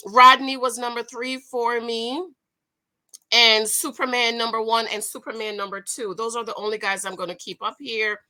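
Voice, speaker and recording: A woman from the Northeast United States with a New York accent, reviewing a dating show in lively, casual chat to her viewers. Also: mid-range voice. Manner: animated, lively, playful asides to viewers.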